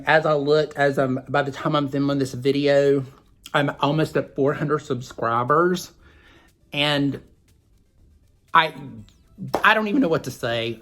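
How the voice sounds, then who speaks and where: A man's voice: mid-range voice, fairly bright tone. A man with a Southern US twang hosting a makeup vlog, rambling chattily with asides to his viewers. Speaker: makeup vlogger. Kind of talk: chatty beauty tutorial vlog.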